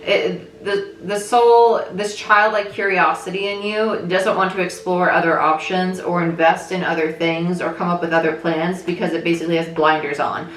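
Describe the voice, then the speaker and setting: A woman's voice: lowish voice, fairly even intonation, normal speed, hardly any pauses, fairly bright tone, slight background noise. A young adult woman giving a casual tarot reading, thinking aloud and often checking in with her listeners. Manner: chatty, thinks aloud, frequent "right?" check-ins. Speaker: tarot reader. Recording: echoey room with faint music.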